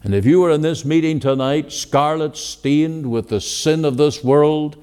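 A man preaching a sermon. He quotes scripture in old-fashioned wording, rising to emphatic exclamations and then dropping to hushed, low words. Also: unhurried, smooth. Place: meeting hall. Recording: long hall reverb.

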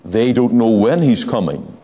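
A male preacher delivers a sermon, his voice sitting at an ordinary middle pitch. He slows down to hammer key phrases and lifts in emphasis as he presses his points. A long reverb trails behind him, as in a church sanctuary. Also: expressive, warm tone. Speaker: pastor.

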